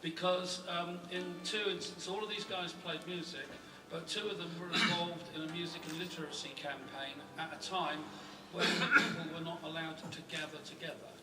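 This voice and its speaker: A man performing on stage, speaking thoughtfully and earnestly with many pauses. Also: fairly high pitch, steady tone. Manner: thoughtful, earnest, filler-heavy. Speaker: performing musician. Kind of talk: on-stage reflective chat. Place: live concert stage. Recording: echoey live hall from far off with music.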